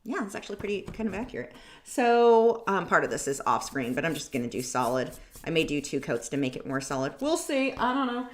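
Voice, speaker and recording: A woman's voice: sits low, big pitch swings, fairly quick. Chatty woman painting live, roomy sound. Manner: rambling, tangent-prone, self-mocking. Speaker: artist hosting a painting livestream. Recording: roomy echo.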